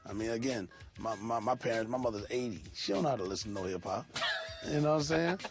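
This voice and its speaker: A man's voice: medium pitch, quick pace, vocal fry, music in the background. A man talking animatedly in an interview, imitating sounds and other people as he explains. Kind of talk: casual conversational interview.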